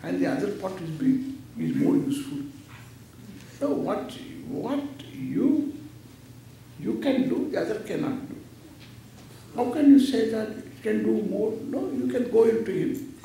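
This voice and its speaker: Lecturing playfully on scripture, a Vedanta teacher from India in his 70s acts out little dialogues and laughs along the way. His high, mellow voice is expressive and a little slow, with vocal fry and long pauses. The sound is echoey and faintly noisy, picked up from a distance in a hall.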